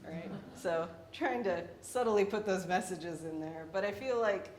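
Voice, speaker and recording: A young woman artist talking through her paintings in a wry, self-deprecating way, laughing between points. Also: unhurried. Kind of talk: artist talk about her work. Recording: echoey room with faint rumble.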